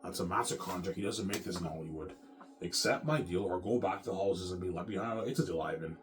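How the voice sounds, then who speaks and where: A man's voice: low voice, fast talker. A man in an off-the-cuff monologue, boastful and repetitive, often adding "man".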